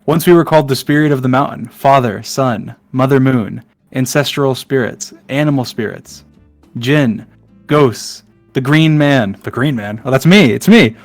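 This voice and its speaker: A man's voice: medium pitch, unhurried, faint music behind. A man reading a long poem aloud in a hurry, tripping over words and breaking off with asides. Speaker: online content creator.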